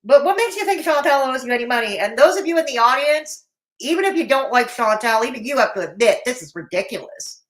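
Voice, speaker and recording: A woman's voice: high-pitched, lively intonation, quick pace, fairly bright tone. A woman hosting a live commentary stream, blunt and mocking in tone, with a Canadian accent. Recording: roomy echo.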